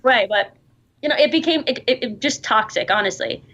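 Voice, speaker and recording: A woman in her thirties with a New York accent, a guest in an interview, chatting quickly and laughing as she talks. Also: on the high side, expressive, fairly bright tone. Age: 30s. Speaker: guest, online video creator. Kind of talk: interview conversation. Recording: dull lo-fi replayed clip.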